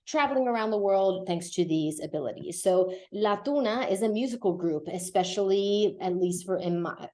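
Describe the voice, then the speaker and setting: A woman's voice: fairly low pitch, mellow. A woman teaching a Spanish lesson on a podcast, explaining patiently, often checking in with "okay?" and moving between English and Spanish.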